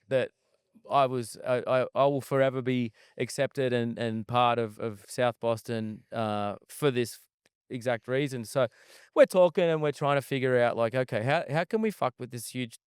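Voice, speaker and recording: A man's voice: mid-range voice, smooth, dry recording, clean studio sound. A man, a guest chef, telling a long, profane story in a casual interview, recorded at an outdoor desert festival camp.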